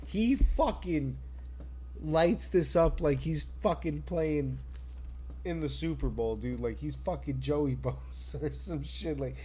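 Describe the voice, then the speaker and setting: A man on a casual wrestling podcast, excitable and profane, laughing often. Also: on the high side, slow pace, breathy edge. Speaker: podcast co-host.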